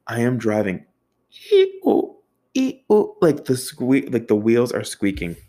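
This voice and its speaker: A man's voice: mid-range voice, normal speed, dark tone. A young man telling a casual, profane anecdote, acting out other people's voices and sound effects with a self-mocking manner. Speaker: storyteller.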